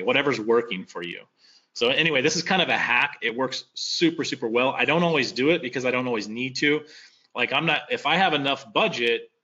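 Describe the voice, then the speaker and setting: A man leads an online lesson in a casual, rambling way, leaning on fillers and asking his listeners questions. His voice is bright and forward. The call audio is dull and lo-fi. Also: mid-range voice. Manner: loose, filler-heavy, conversational, asks rhetorical questions. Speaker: webinar presenter. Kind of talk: casual teaching webinar. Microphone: computer mic on a video call.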